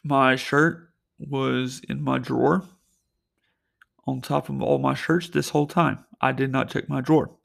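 A man's voice: mid-range voice, fairly even intonation, unhurried, gravelly, a bit bright. A young man hosting his own podcast, telling stories in a loose, rambling way full of fillers and restarts, talking from a parked car. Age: young adult. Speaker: podcast host. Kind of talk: casual solo storytelling.

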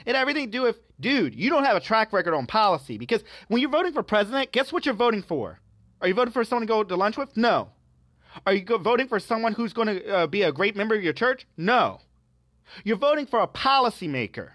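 A man's voice: sits high, a bit bright, no room sound. A man hosting a podcast, giving religious and political commentary with emphatic rhetorical questions.

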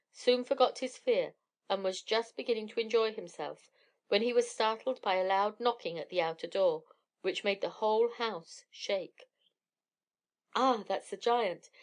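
Woman reading an old fairy tale out loud, calm and steady, mid-pitched voice. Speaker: storyteller.

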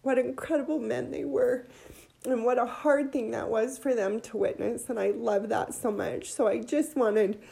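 A woman giving an emotional religious testimony, near tears, heartfelt and halting. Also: on the high side, fairly even intonation, vocal fry, warm tone, slight background noise.

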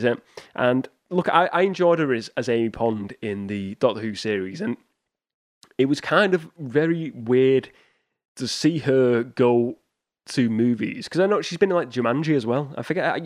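A man's voice: medium pitch, no echo, clean studio sound. A man hosting a solo movie podcast, chatting casually and rambling with restarts and small chuckles. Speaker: podcast host.

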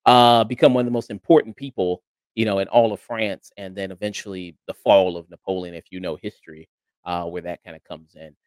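A man's voice: low-pitched, fairly even intonation, fairly quick, clean tone, dry recording. A man hosting a casual review chat, talking in a rambling way with lots of hesitant fillers. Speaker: podcast host.

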